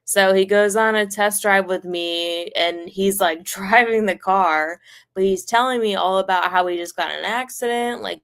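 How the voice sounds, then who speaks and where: She's a streamer recounting something from her own life, casual and meandering, full of "like" and free swearing, getting more animated as she goes. Her voice is mid-range at a moderate pace.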